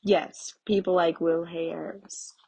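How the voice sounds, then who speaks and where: A woman's voice: fairly low pitch, little pitch movement, slow, creaky, mellow, slightly rough, heavily acted. A woman voicing a bitter, fed-up husband. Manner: angry, sneering, raised voice. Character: bitter, restless young husband, grown man.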